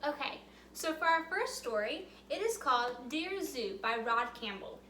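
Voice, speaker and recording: A woman's voice: high voice, very animated, a little slow, bright, forceful tone, echoey room, a little hiss or hum. A woman leading a children's yoga storytime, giving cheerful, sing-song instructions to young kids.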